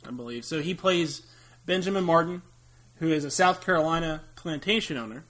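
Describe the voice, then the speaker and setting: A man's voice: on the high side, a little fast, fairly bright tone. Rambling, laughing podcast host man. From United States. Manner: rambling, laughs often, jokey asides. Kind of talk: casual movie chat.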